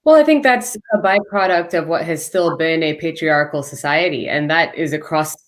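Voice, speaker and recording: A woman's voice: low-pitched, normal speed. A woman speaking as a panel guest, earnest and articulate, building long arguments. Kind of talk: live panel discussion.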